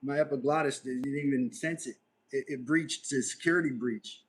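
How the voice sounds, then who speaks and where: A ginger man, sweaty from working outdoors on a warm day, hosts a casual livestream while stitching leather, chatting easily and cracking jokes. His voice is medium-pitched at a moderate pace, and the audio quality is poor.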